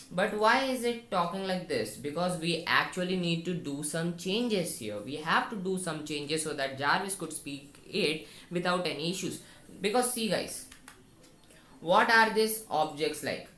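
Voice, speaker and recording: A man walks through a coding tutorial, explaining each step in a slow, instructive way. His voice sits on the low side, and the unhurried pace leaves room between his phrases. The room is echoey, with faint keyboard typing underneath. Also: pushed and bright, a little hiss or hum. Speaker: programming tutor. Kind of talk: screen-recorded coding tutorial.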